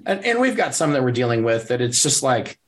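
A man's voice: mid-range voice, sing-song. Affirming man in casual talk. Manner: affirming, quick to agree. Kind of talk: casual conversation.

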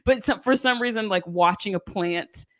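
A woman's voice: mid-range voice, moderate pace, fairly bright tone. A woman hosting a podcast in casual chat, laughing often and filling her talk with "like". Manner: chatty, laughs often, says "like" a lot. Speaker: podcast host.

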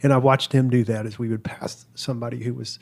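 A man in a relaxed conversation, talking in a thoughtful, earnest way, often pausing and restarting sentences. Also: medium pitch, gravelly. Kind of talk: reflective casual conversation.

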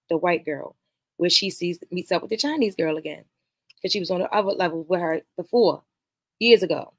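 A woman's voice: lowish voice, no echo. A woman hosting a podcast, casually recapping a movie plot in a rambling, profane way and talking straight to her viewers. She mentions being nervous about streaming live. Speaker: podcast host reviewing a movie.

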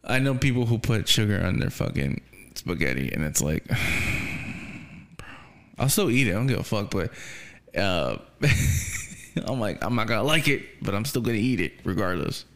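A man's voice: lowish voice, very animated, normal speed, pauses often, fairly bright tone. A man hosting a podcast, chatting casually and swearing freely, laughing often. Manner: profane, laid-back, laughs often. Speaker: podcast host.

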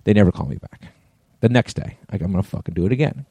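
Low, dark-voiced man ranting. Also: fast, breathy edge, no room sound. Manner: animated, profane storytelling. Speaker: podcast co-host. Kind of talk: casual chat.

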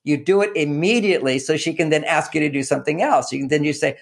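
A fairly high-pitched man with a gravelly edge gives relationship advice as an interview guest. He talks animatedly, repeats his words for emphasis and slips into acting out little exchanges. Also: quick pace. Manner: repeats words, acts out quoted lines.

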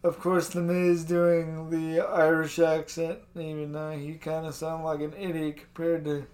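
A man's voice: a little high, completely flat delivery, measured pace, darkish tone. A man chatting casually about wrestling, laid-back and rambling, often calling his partner dude. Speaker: co-host.

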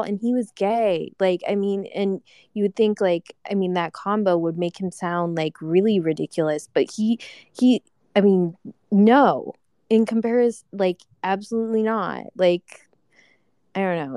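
A woman's voice: mid-range voice, warm tone, dry recording, studio quality. A young woman giving a live reaction to a reality show, ranting casually with swearing and lots of fillers. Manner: ranting, profane, many fillers.

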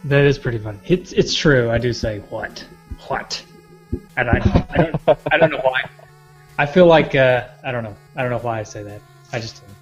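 A man's voice: medium pitch, fairly quick, highs cut off, soft background music. A man hosting a podcast, chatting casually in a laid-back way and laughing easily. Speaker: podcast host. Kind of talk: casual chat.

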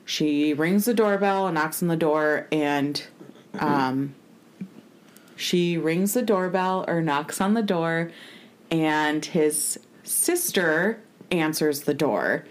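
Slow, low-voiced woman recapping casually. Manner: rambling, laughs often. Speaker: podcast host. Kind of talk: casual chat, recapping an episode.

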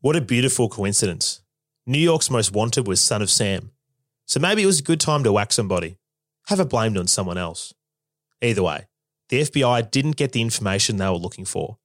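Wry low-voiced male narrator. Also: big pitch swings, a little fast, dry recording, studio quality. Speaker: documentary narrator. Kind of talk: scripted narration.

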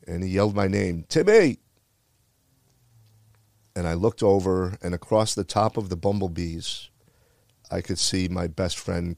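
Low-pitched and creaky with a darkish tone, this Bronx man is a retired firefighter recounting a heartfelt personal story. He speaks earnestly and repeats phrases. The recording is dry and clean, with studio sound.

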